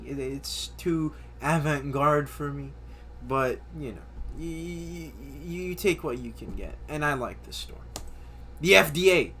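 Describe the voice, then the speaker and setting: A man's voice: on the high side, sharp tone. A man in his twenties chatting through a list of things he loves, enthusiastic and stumbling over repeated words. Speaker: vlogger. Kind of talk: casual chatty list commentary.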